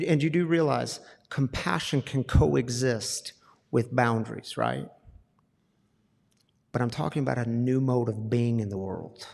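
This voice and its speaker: Passionate pastor, middle-aged, raspy edge to a higher voice, faint music bed. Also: male voice, long reverb tail. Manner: passionate, rising to emphatic repeated questions and dropping to soft confessional tones. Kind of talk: sermon.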